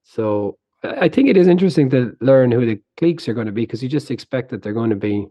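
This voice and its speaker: A man co-hosting a casual podcast, talking in a relaxed, reflective way. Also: mid-range voice, fast talker, no echo. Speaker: podcast co-host. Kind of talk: casual chat.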